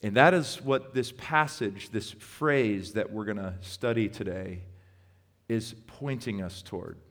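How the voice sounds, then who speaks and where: A male pastor delivers a sermon in a storytelling way, leaning on key words by slowing right down. His voice sits fairly low and carries a long reverb from a church sanctuary. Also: a bit bright. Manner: storytelling, with emphatic slow stresses.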